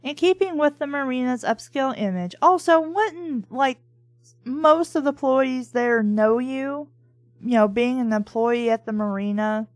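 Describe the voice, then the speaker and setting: A woman's voice: sits high, animated, unhurried, dry recording. Sarcastic, profane woman mocking a book. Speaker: book reviewer and reader. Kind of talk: sarcastic comedic read-along commentary.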